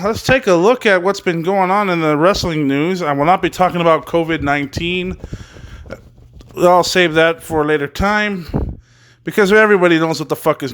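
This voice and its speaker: A man's voice: high voice, fairly bright tone, clean tone. A man hosting a wrestling news show, talking in a blunt, profane, rambling way. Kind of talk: casual news commentary.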